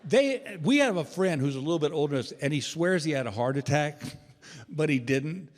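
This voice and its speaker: A man's voice: on the high side, normal speed. Man in his sixties doing stand-up. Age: 60s. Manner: animated storyteller acting out quoted voices. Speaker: stand-up comedian. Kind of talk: stand-up comedy storytelling. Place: large indoor theater stage. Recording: live theater reverb with faint ambience.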